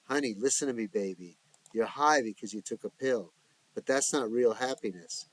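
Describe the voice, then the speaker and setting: A man's voice: medium pitch, moderate pace, slightly rough, dry recording, close to an everyday voice, poor audio. A man voicing a frightened, protective young woman friend, speaking urgently. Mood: tender.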